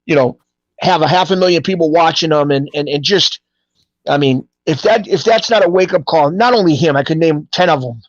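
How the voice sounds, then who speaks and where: A middle-aged man, a guest telling stories in a casual interview, rambling and animated with street-style grammar. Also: on the high side, a little fast, no echo. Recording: dull, dry lo-fi audio.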